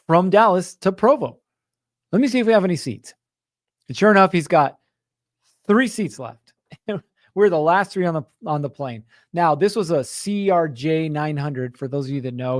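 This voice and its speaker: Guy telling a story casually, higher voice, dry close sound, acts out everyone's lines. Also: no room sound. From Utah. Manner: animated, acts out quotes, frequent "right?" asides. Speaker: host of a contractor business show.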